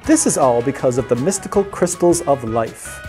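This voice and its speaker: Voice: medium pitch, animated, moderate pace, dark tone, faint music behind. A library storyteller reading picture books aloud to children, who asks the listeners questions and explains words along the way.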